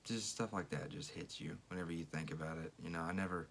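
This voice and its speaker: A man's voice: low-pitched, steady tone, quick pace, gravelly, a bit bright, a little hiss or hum. A young man giving a reflective tribute to his father, searching for words as he speaks. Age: young adult. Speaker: senior athlete thanking his father. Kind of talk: emotional tribute speech.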